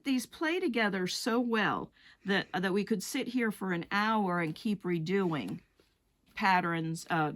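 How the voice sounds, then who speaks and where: A woman with a slightly low voice leads a rug hooking lesson. She talks in a relaxed, chatty way, explaining each wool color as she lays it out.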